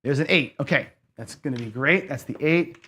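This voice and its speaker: A man's voice: mid-range voice, a little fast, background noise. A man hosting a casino craps video, thinking aloud through bet math, correcting himself and chatting to viewers. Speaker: host playing casino craps. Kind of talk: casual gambling commentary.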